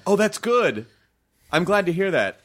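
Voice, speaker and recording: A man's voice: high-pitched, sing-song, unhurried, a crowd in the background. A man hosting a casual chat, asking playful questions and often stumbling into restarts. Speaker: host.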